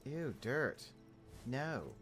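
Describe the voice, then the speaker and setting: An adult gaming host chats through a playthrough, trailing off into low mutters and then bursting into loud, high outbursts. The voice sits mid-range but leaps around with lively, bouncing pitch. Game music plays clearly behind the talk. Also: extremely slow. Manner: animated, swings from mumbled asides to loud outbursts; chatty, rambling with fillers and restarts. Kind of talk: casual let's-play commentary.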